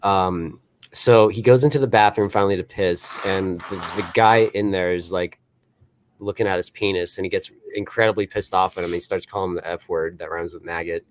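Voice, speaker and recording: Excitable, swearing man in a film chat. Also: deep voice, a little fast, a little hiss or hum. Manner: excitable, profane, amused. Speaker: podcast co-host. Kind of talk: casual film discussion.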